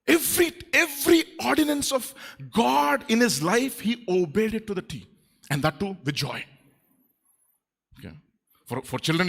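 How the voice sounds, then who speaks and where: A man preaching a sermon as pastor, animated and playful, acting out little quoted voices. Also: sits high, creaky, breathy edge. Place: church.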